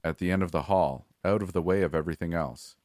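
A man with a very deep, low voice reads a horror story at a steady, measured pace. The sound is dry and close, with no room echo. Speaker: narrator. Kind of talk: scripted horror narration.

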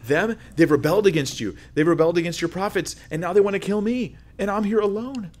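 A man's voice: fast talker, darkish tone, close to an everyday voice. A despairing old-time prophet, sure he stands alone and steeped in self-pity, as a male preacher puts him on. He pleads in a whiny voice that climbs well above a plain speaking tone. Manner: whiny, pleading, rising pitch.

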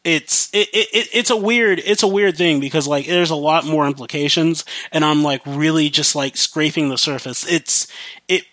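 A man's voice: on the high side, moderate pace, sharp tone, dry recording. A young man hosting a podcast alone, rambling casually about his life with lots of fillers and restarts. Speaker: podcast host. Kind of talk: casual monologue.

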